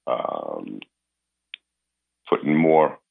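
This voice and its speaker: A hoarse man hosts a casual talk radio monologue, rambling and stopping to restart his thoughts. His voice sits extremely low and gravelly. It comes through a narrow, phone-like band. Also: very animated. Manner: rambling, halting, full of uh and restarts. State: hoarse, voice recovering from illness. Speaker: radio show host.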